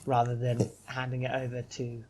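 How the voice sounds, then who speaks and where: A man's voice: mid-range voice, completely flat delivery, moderate pace, darkish tone, slight background noise, poor audio. A man co-hosting a casual podcast, talking earnestly and emphatically, then with playful self-mockery. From United Kingdom. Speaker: podcast co-host.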